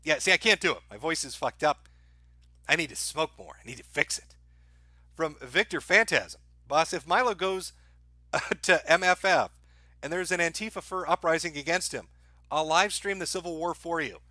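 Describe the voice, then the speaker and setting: A male stream host working through viewer donation messages, reading them in a dry, offhand manner with plenty of "uh"s and crude asides. His voice sits a bit high for a man and has a bright, sharp edge. The sound is close and dead, with no room around it. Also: normal speed, no room sound. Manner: crude, irreverent humor. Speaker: livestream host.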